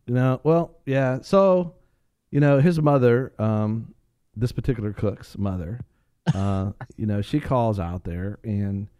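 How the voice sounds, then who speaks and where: A man on a talk radio show telling a funny story in a casual, animated way, laughing often and repeating phrases for emphasis. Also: mid-range voice, takes it slowly, clear, resonant tone, no room sound, clean studio sound.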